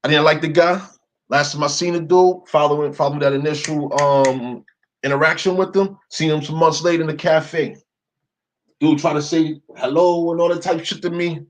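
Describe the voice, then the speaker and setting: In a steady, somewhat high voice at normal speed, a young commentator rants casually and profanely while telling a story, leaning on "yo" and "right?" The recording is rough.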